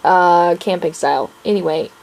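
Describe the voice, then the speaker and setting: A woman's voice: fairly low pitch, normal speed, vocal fry, a little mellow, rough recording. A young woman author chatting casually in a vlog, gushing and laughing often as she talks about and reads her own draft. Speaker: author vlogger.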